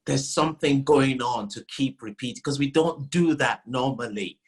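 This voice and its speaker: A man's voice: medium pitch, moderate pace. A man coaching an actor, explaining patiently and checking that he is understood. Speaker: acting teacher. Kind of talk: coaching notes in a class.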